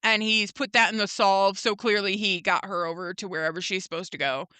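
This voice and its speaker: Bright, crisp-voiced woman podcast co-host. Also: medium pitch, steady tone, a little fast, no room sound. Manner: retells scenes by voicing the characters, lots of "like" and "um". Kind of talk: casual recap chat.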